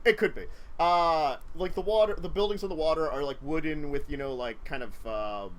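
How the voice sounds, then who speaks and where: A man narrating a tabletop game as game master on a livestream, describing scenes in a relaxed, rambling way with many fillers. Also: on the high side, moderate pace, a little hiss or hum.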